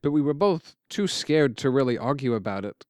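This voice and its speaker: A man telling a story in quiet, measured, scripted narration. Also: mid-range voice, lively intonation, no echo, studio quality.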